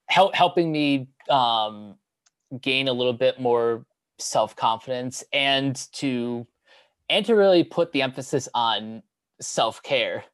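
A young man talking casually on a podcast, halting with many fillers and restarts. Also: mid-range voice, fairly bright tone, no room sound. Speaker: podcast co-host. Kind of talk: casual chat.

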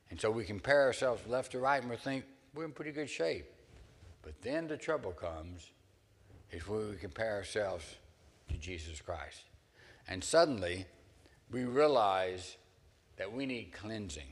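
A man's voice: lowish voice, lively intonation, a little slow. Male pastor preaching in a reverberant hall. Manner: earnest preaching with dramatic scripture readings. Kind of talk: sermon.

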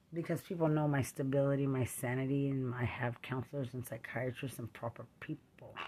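A middle-aged army veteran from Texas giving an angry, rambling monologue full of repeated accusations. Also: medium pitch.

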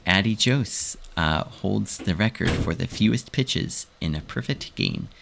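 A man with a low, gravelly voice hosts a relaxed podcast conversation. He reads quiz questions and answer choices at an unhurried pace, his voice rising and falling a lot, and he laughs often between questions. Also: noisy background. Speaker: podcast co-host, quizmaster. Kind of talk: casual chat, reading quiz questions.

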